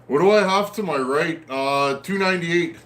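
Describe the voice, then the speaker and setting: A man hosting a casual livestream, reading out viewer comments and chatting in a friendly, easygoing way with frequent pauses. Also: a little high, a bit bright. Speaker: host of a livestream on chainsaw repair. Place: at home in a snowy area.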